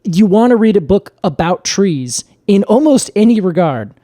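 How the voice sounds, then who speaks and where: A man co-hosting a podcast, telling the story in a playful, animated way in casual chat. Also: high voice, normal speed, dry recording, clean studio sound. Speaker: podcast co-host.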